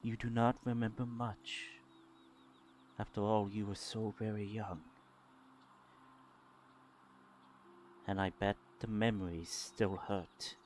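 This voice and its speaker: A man voicing a gentle, mysterious motherly woman who speaks softly and slowly, holding back sorrow. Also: fairly low pitch, little pitch movement, slight background noise, voice pushed down, natural voice. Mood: tender. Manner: soft, hushed and slow.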